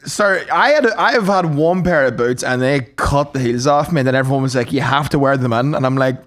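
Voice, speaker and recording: A man, co-hosting a podcast in casual chat, telling stories with frequent laughter and quick impressions of others. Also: mid-range voice, a bit bright. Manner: storytelling, laughing often, mimicking others in quotes. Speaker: podcast co-host.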